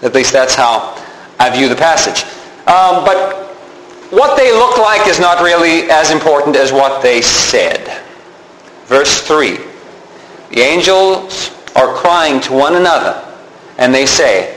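Guy giving a sermon, kinda high voice, chatty, echoey room w faint hum. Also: expressive, slow pace, fairly bright tone. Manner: conversational, explains with repeated examples. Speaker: pastor.

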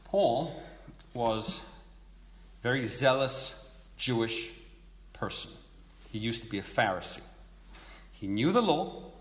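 A man's voice: medium pitch, sing-song, slow pace, long pauses. A man giving a verse-by-verse sermon, teaching in a conversational way and asking rhetorical questions. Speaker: preacher. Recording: echoey hall with long reverb.

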